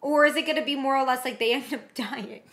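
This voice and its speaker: A young woman co-hosting a casual reaction chat, animated and rambling, often acting out lines in other voices. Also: high-pitched, quick pace. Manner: animated, rambling, acts out quotes in character voices. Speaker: co-host of a reaction show.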